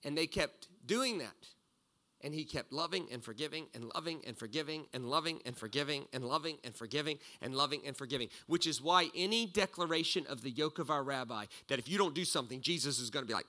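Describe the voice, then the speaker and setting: A middle-aged man delivering a storytelling sermon in a slightly high, very bright voice. He swings from loud bursts down to quiet asides. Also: lively intonation, fast. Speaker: pastor.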